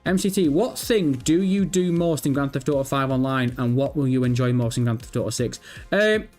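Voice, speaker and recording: A man hosts a casual livestream, reading viewer messages aloud and rambling through answers while swearing freely. His voice is medium-pitched, animated, fairly quick and darkish in tone, with faint background music behind him.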